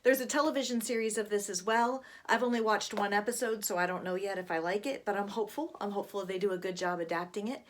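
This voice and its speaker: A woman's voice: medium pitch, fairly even intonation, fast talker, few pauses, slight background noise. A woman casually talking about a favorite horror graphic novel, chatty, with plenty of fillers. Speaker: book reviewer. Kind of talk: casual book talk with read-aloud.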